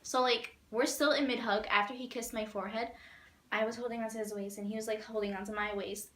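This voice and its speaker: A woman's voice: on the high side, fairly quick, roomy sound. A young woman vlogger telling a long, rambling fan story in casual chat, full of "like" and acted-out quotes. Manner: rambling, animated, many "like"s and laughs.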